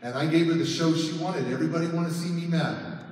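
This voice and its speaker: A man with a fairly high voice tells a personal story on stage, swinging from hushed words to loud peaks. His voice rings through a large hall with long reverb and sounds far from the mic. A faint hum of the room sits behind him. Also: quick pace. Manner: dramatic storyteller, acting out quotes, shouting at peaks. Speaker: motivational speaker. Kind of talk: storytelling keynote talk. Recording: echoey hall, mic heard from afar.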